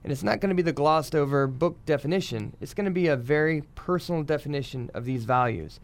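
A man's voice: on the high side, quick pace. A man working as a navy public affairs officer, a guest on a radio show, speaking earnestly and promotionally with many fillers.

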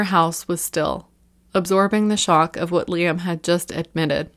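A woman's voice: lowish voice, fairly even intonation, measured pace, fairly bright tone. Woman narrating a horror story.

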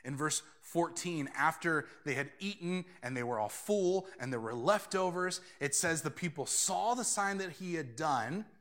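Man, pastor, sermon, bright forceful voice, slightly high pitch, conversational. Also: animated, normal speed, few pauses. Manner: conversational, drops into quoted voices.

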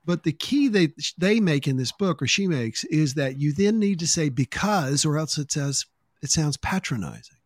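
A man's voice: fairly high pitch, lively intonation, normal speed, no room sound, studio quality. A man hosting a podcast interview, thinking aloud and building his points in lists. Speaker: podcast host. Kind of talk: interview conversation.

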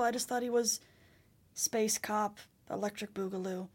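A young adult woman co-hosting a podcast, who talks hesitantly in casual chat and trails off into quiet asides. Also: medium pitch, steady tone, normal speed, slightly rough.

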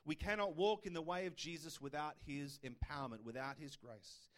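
A man delivers a sermon in a casual, conversational way. His voice sits fairly high, and he often checks in with the listeners through rhetorical questions. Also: moderate pace, fairly bright tone. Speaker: pastor.

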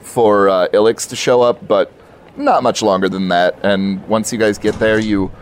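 A man narrating a tabletop role-playing game as game master, halting with many fillers. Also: fairly low pitch, slight background noise.

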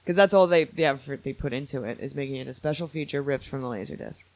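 A man hosting a podcast in casual chat, opinionated and animated, quick to laugh. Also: mid-range voice. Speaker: podcast host.

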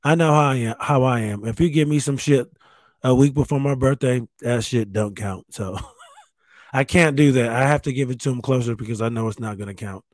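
A man's voice: mid-range voice, brisk, darkish tone, dry recording. A man in his thirties hosting a casual solo podcast from a spare bedroom at home, rambling and swearing with self-mocking humor. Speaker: podcast host.

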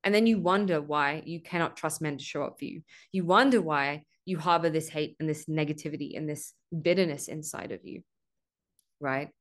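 A woman with a notably low voice hosts a spiritual podcast, speaking earnestly and at length. She leans on a repeated "right?" and drops swear words for emphasis. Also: moderate pace. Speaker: podcast host. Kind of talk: spiritual monologue.

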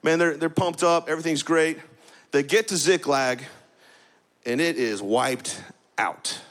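A male pastor preaching a sermon in a lively, conversational way, often adding "right?" and getting the congregation to repeat words back. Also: on the high side, a little slow. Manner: energetic, conversational preaching with frequent "right?" asides. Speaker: campus pastor.

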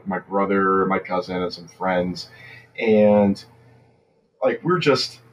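A man hosting a podcast, telling a story in a relaxed, easygoing way. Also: deep voice, dull audio. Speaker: podcast host. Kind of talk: casual podcast chat. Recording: distant mic with faint room noise.

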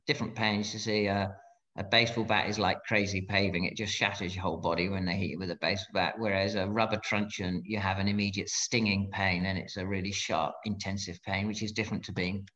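A middle-aged man speaking as an interview guest, blunt and frank, often halting and restarting his sentences. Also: low-pitched, a bit bright. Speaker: guest, former fighter pilot. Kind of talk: candid interview conversation. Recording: dull lo-fi sound.

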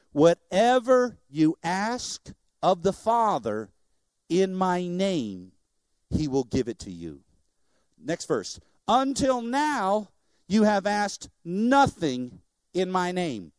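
A middle-aged man, a missionary preacher, giving an animated sermon in church and joking with the congregation. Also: fairly high pitch, dry recording, clean studio sound.

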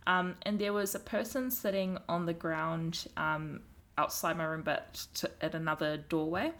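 Nz woman chatting, fairly low voice, emphatic, tells stories straight. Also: steady tone, moderate pace, fairly bright tone. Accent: New Zealand. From New Zealand. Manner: frank, emphatic storytelling. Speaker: guest. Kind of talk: casual conversation.

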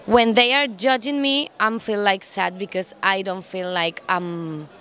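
Singer, halting English. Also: female voice, mid-range voice, fairly even intonation, sharp tone. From Cuba. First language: Spanish. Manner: halting English, searching for words, playful. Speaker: singer, interview guest. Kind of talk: casual interview chat.

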